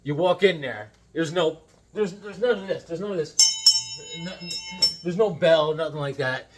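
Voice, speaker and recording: A middle-aged man vlogging about comic books in a casual, rambling way, full of restarts and animated retellings. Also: on the high side, normal speed. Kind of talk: casual chat.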